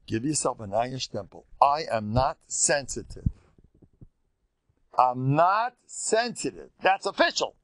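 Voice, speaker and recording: An older man, a rabbi giving a Torah lesson in an animated storytelling way, acting out quotes. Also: medium pitch, a little slow, dry recording. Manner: animated storytelling, acts out quotes, mixes in Yiddish and Hebrew. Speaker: rabbi teaching a class.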